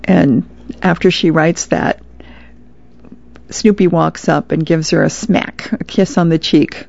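A woman's voice: fairly low pitch, fairly even intonation, slow, gravelly, pauses often, a little mellow, no room sound. A woman volunteer reader chatting her way through newspaper comic strips on the radio. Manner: chatty, with small laughs. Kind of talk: reading comics aloud on radio. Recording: dull lo-fi radio sound.

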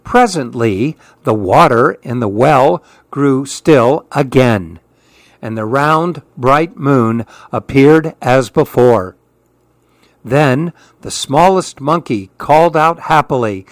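A man reading children's storybooks aloud with an expressive, lilting delivery. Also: mid-range voice, takes it slowly, no echo.

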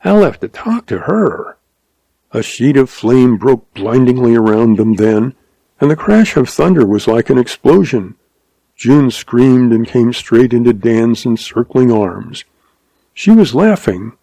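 A man narrating a western story in a measured, unhurried audiobook reading. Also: mid-range voice, lively intonation, creaky, warm tone, dry recording.

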